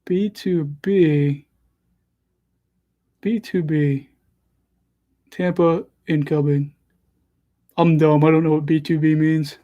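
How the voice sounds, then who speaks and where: A man's voice: a little high, level tone, measured pace, pauses often, dark tone, highs cut off. A young man hosting a casual livestream, calling hockey play as he watches and chatting between moments in a self-deprecating way. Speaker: livestream host and hockey commentator.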